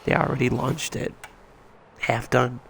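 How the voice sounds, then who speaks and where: A man streams over a headset, his voice deeply gravelly and congested from a cold. He rambles in a frustrated, foul-mouthed rant. Steady background noise sits under his voice. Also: a little slow. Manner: rambling, frustrated, swears freely. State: stuffed up, just woke up. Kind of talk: casual gaming stream rant.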